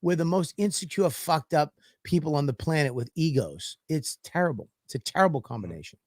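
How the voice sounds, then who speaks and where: A man's voice: a little high, expressive, a little fast, darkish tone, no room sound, clean studio sound. A man, a comedian and podcast host, telling stories in a profane, ranting way in casual chat.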